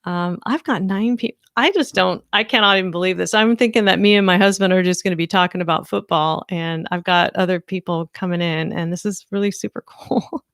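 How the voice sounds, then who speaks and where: A woman hosts a casual livestream from home and reads her viewers' comments aloud. She chats in a loose, easily amused way. Her voice is smooth and clear, and the sound is close and dry. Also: lowish voice, fairly quick, few pauses, a bit bright, no echo. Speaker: livestream host. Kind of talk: casual live-stream chat.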